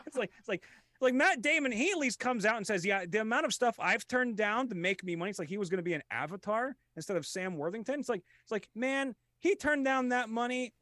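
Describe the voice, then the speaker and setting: A young man riffing through improvised comedy banter as a podcast guest, laughing often and stammering through quick restarts and impressions. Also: sits high, lively intonation, sharp tone, no echo.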